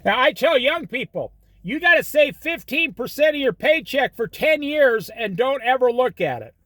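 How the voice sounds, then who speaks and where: Host, middle-aged man, high bouncy voice, folksy sermonizing monologue, dry close sound. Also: expressive, normal speed, a bit bright, dry recording. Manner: folksy, preachy advice with storytelling. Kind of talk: casual monologue.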